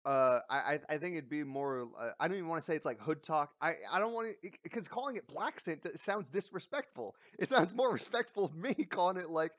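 A man vents in a casual commentary, blunt and mocking with plenty of swearing. His voice sits a little high, and it is recorded dry and close with no room sound. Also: lively intonation, fairly quick, few pauses, no echo. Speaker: commentary vlogger. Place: lives in a big coastal city.

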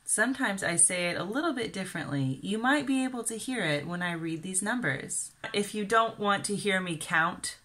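A woman from Kansas with a Midwestern American accent, giving a careful, clearly enunciated English lesson for beginners. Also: mid-range voice, animated, normal speed, few pauses, pushed and bright. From Kansas, USA. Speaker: English teacher. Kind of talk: slow scripted ESL lesson.

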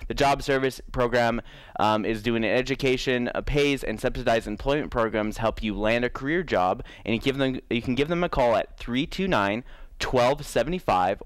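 A male morning show host reads through local events in a loose, casual way, full of ums. His voice sits at an ordinary pitch. The studio sound is dry and close. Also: dry recording. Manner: casual, many fillers. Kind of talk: reading local event listings.

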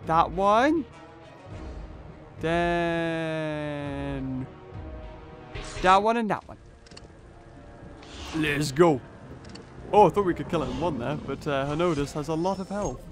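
This let's play has a young gaming channel host narrating a mobile game in a fairly high voice, taking his time and leaving long pauses over soft background music. He thinks through each move aloud and lets out exclamations at big hits.

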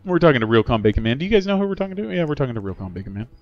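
A man's voice: mid-range voice, very animated, rapid-fire, no echo. A middle-aged man hosting a game livestream, chatting upbeat with viewers and cheering on players. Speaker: livestream host. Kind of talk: casual gameplay commentary. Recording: slightly dull lo-fi audio with faint game music.

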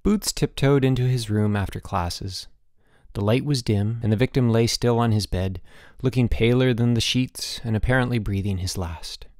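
A man narrating an audiobook in a measured storytelling manner. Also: mid-range voice, darkish tone, dry recording, clean studio sound, faint music behind. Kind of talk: scripted narration.

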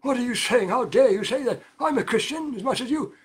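A preacher acting an indignant old shopkeeper. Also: male voice, very high voice, lively intonation, fairly quick, breathy edge, pitched above the performer's own voice, exaggerated voice. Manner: raised, protesting and insistent. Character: angry old male shopkeeper, indignant churchgoer.

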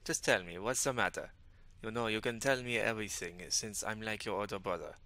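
A man voicing a caring, older-brother Frenchman from a game, talking in a soft, reassuring way. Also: on the low side, fairly quick, no room sound.

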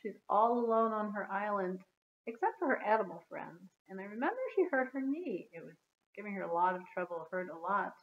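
A woman teacher reading a chapter book aloud to young children, gently stopping to ask them questions and explain. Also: mid-range voice, lively intonation, a little fast, narrow, tinny audio. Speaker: kindergarten teacher. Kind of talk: storytime read-aloud.

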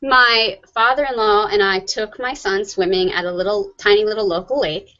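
A woman hosting a live online show, chatting casually and rushing through announcements. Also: medium pitch, fairly even intonation, bright, forceful tone. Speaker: host. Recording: dull lo-fi sound.

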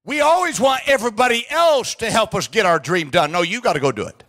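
A man preaching a sermon in a church, emphatic, with frequent restarts and bursts of shouting. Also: high-pitched, animated, a little fast. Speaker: pastor. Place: church sanctuary.

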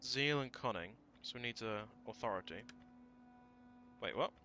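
Bright-voiced man swearing through gameplay. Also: medium pitch, expressive, normal speed, lo-fi sound, slight background noise. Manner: thinks aloud, swears and shouts when frustrated. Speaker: let's play gamer. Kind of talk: casual gameplay commentary.

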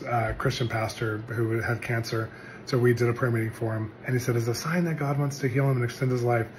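A middle-aged male pastor telling a personal testimony in an earnest, animated storytelling way. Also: mid-range voice, a little hiss or hum. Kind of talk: testimony sermon.

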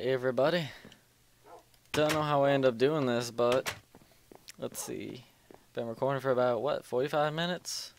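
A man's voice: mid-range voice, slight background noise. A young man casually commentating his gameplay at home, rambling, joking and muttering to himself as he plays. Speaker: let's play host. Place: home room at night.

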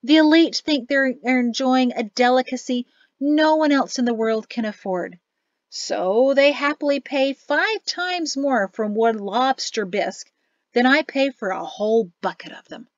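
A woman's voice: high voice, lively intonation, measured pace, no echo, lo-fi sound, pitched above the performer's own voice. A woman voicing a jovial, chatty male innkeeper and cook in an audiobook. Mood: cheerful. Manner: cheery, chatty, boastful.

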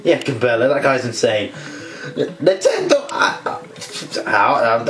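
A man's voice: fairly high pitch, lively intonation, normal speed, reverberant, over music, rough recording. A man giving rambling, joking commentary over a video game. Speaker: gameplay commentator. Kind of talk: casual gameplay commentary.

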